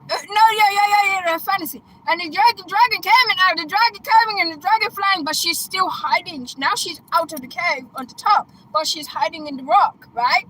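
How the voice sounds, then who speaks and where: A woman with a bright, forceful voice tells a film plot casually, bursting into loud exclamations and laughter. She talks in a chatty way, often checking in with "right?" and "okay?". There is faint noise behind her. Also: very high-pitched, fairly quick, few pauses, low-quality recording. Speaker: coach.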